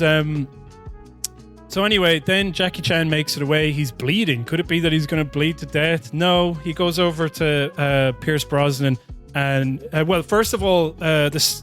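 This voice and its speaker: Rambling man with a higher voice. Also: fairly even intonation, normal speed, a bit bright, faint music behind. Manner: rambling, self-interrupting, laughs often. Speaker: podcast co-host. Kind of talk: casual film discussion.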